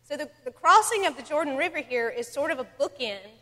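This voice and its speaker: Woman devotional leader, slightly high voice, conversational with fillers, reverberant hall. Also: lively intonation, a little fast, sharp tone. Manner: conversational, many ums, reads scripture aloud. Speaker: Bible study leader. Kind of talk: casual devotional talk with scripture reading.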